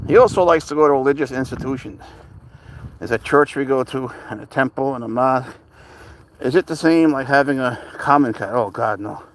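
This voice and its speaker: Walking outside with his pet serval, this livestream host chats casually, reading viewer comments and chuckling through his answers. His voice sits at medium pitch, and the rough recording carries slight background noise.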